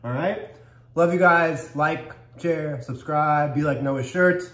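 A man with a fairly high, fairly bright voice speaks slowly as the chatty, upbeat host of a cookie-tasting vlog, talking while he chews. The recording has an echoey room sound and faint background noise.

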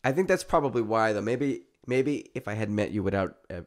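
A man's voice: fairly low pitch, lively intonation, fairly quick, darkish tone. A man co-hosting a podcast, chatting bluntly and swearing casually. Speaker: podcast co-host. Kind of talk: casual chat.

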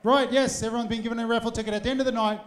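This event host's voice is very high and steady, and he races along as he addresses a packed hotel function room of supporters via a handheld microphone. His address to the crowd is jokey and rousing, peppered with teasing asides, over the faint sound of the audience.

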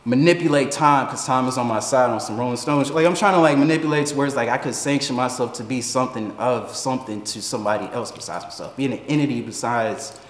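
Houston rapper guest, loose and cussing, echoey long-tailed room sound. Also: male voice, mid-range voice, fast talker, few pauses. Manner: profane, animated, laughs often. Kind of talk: casual interview talk.

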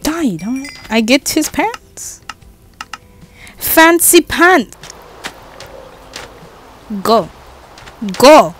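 A woman's voice: high voice, big pitch swings, extremely slow, long pauses, fairly bright tone, a little hiss or hum. A woman giving casual, jokey commentary while playing a game, chatting to herself and swearing now and then. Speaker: gaming vlogger.

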